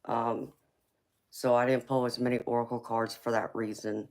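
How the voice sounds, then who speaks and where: A woman with a Southern US accent doing a chatty live-stream tarot reading, speaking in a relaxed drawl and calling her viewers y'all. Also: a bass voice, normal speed. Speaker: tarot reader.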